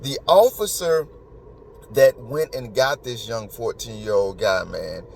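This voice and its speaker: A man's voice: medium pitch, unhurried, creaky, darkish tone, slight background noise. A man hosting a podcast, talking in an emotional, emphatic and rambling way. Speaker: podcast host. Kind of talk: casual commentary.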